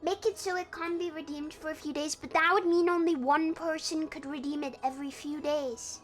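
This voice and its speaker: A woman's voice: sits high, fairly even intonation, normal speed, faint music behind. A woman streaming live, chatting casually and greeting viewers by name in a bubbly way.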